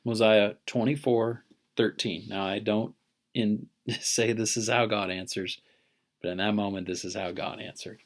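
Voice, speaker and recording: Earnest, halting man telling a story. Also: fairly low pitch, fairly even intonation. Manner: earnest, halting with many restarts. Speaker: religion teacher. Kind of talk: personal story told to a class.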